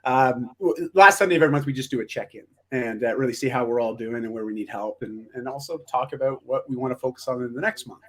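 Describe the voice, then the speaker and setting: Guest, male, husky voice, encouraging and reflective, middle pitch. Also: fairly even intonation, brisk, hardly any pauses. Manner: reflective, encouraging, many restarts. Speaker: guest, motivational speaker. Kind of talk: casual interview chat.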